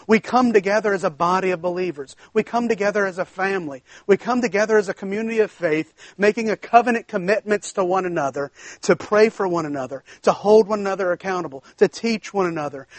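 A man preaching a sermon as pastor, emphatic, stretching key words slowly for weight. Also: sits high, dry recording.

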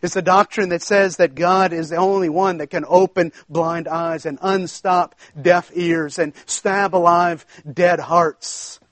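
A man preaching a sermon as pastor, emphatic, stretching key words slowly for weight. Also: high-pitched, steady tone, fairly bright tone, dry recording.

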